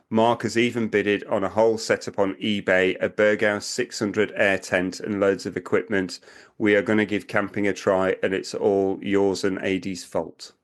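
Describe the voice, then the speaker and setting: A middle-aged man co-hosting a podcast, reading listener reviews and teasing his co-host with frequent laughter. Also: fairly low pitch. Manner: giggly, teasing, laughs often.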